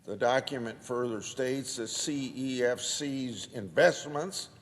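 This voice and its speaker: A man, a senator, giving a formal floor speech and deliberately reading out quoted documents. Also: mid-range voice, in a large hall.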